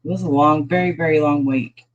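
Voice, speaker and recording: A woman's voice: deep voice, steady tone, brisk, highs cut off, slight background noise. Tired, sad-sounding woman livestreaming. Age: middle-aged. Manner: loose, rambling talk with restarts. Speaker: livestream host. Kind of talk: casual livestream chat greeting viewers.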